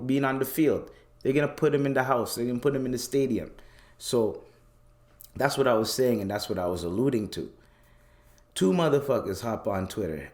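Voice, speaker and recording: Low-voiced profane man in his late twenties. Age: late 20s. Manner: profane, animated, voice leaps high when worked up. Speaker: podcast host. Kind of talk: casual storytelling rant.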